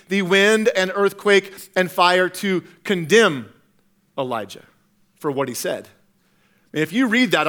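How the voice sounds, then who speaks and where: Brief: male pastor, earnest sermon delivery, high bright voice. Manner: earnest, swings from loud to hushed, repeats words.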